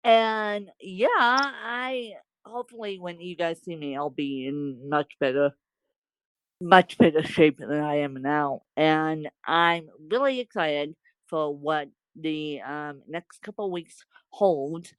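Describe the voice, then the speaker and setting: A woman's voice: low voice, takes it slowly, smooth, no room sound, poor audio. A woman hosting a podcast in casual chat, rambling and repeating herself with frequent laughs. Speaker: podcast host.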